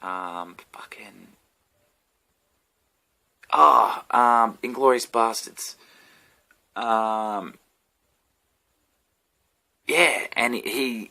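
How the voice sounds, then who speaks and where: A man's voice: mid-range voice, extremely slow, pauses often, bright, forceful tone. An Australian man, a comedian, rambling and swearing through an off-the-cuff vlog rant with a sore throat. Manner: meandering, swearing, self-interrupting. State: sick throat.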